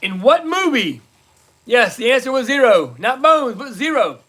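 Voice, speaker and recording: A man hosting a live online trivia night, reading out scores and repeating each question slowly, in casual chat. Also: very high voice, big pitch swings, fairly bright tone. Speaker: livestream trivia host.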